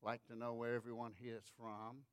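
An Australian preacher quoting a polite border guard. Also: male voice, medium pitch, flat delivery, normal speed, smooth, dry recording, pitched below the performer's own voice, natural voice. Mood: formal.

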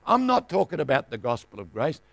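A man's voice: mid-range voice, huge pitch swings, a little fast, gravelly, no room sound. A middle-aged man preaching a sermon as pastor, emphatic, firing rhetorical questions at the congregation.

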